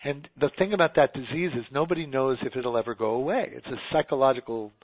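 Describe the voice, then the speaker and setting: A man from New York talks in an earnest, rambling way, often restarting his sentences. He comes through a tinny, phone-like line with no room sound at all. His pitch sits at an ordinary middle level. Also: quick pace, dry recording. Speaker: guest. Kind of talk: casual conversation.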